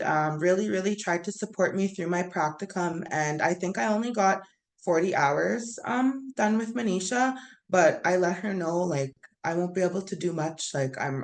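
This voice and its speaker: Earnest woman sharing her story. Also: lowish voice. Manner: earnest, halting, heartfelt. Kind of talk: personal testimony on a video call.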